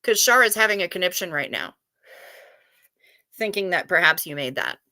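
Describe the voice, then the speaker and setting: A woman's voice: on the low side, animated, moderate pace, pushed and bright, dry recording, clean studio sound. A woman hosting a casual livestream, chatting playfully with viewers and reading out their messages as they come in. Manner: chatty, reads chat aloud, playful, swears casually. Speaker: livestream host.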